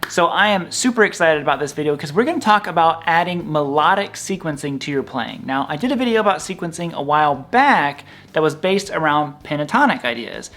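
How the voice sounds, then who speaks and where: A man teaching a guitar lesson in an energetic, upbeat, chatty way, with guitar playing behind him. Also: fairly high pitch, brisk, hardly any pauses.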